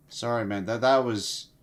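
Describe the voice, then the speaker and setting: Rambling on his casual livestream, this tired young host curses a lot and often starts his sentences over. His voice sits on the low side.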